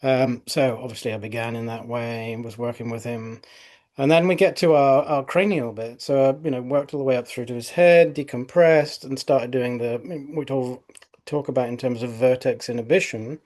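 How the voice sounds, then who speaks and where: A man's voice: mid-range voice, normal speed, a little mellow. A man in his fifties, an osteopath, telling a case story in an interview, rambling with many fillers and restarts. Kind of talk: interview anecdote.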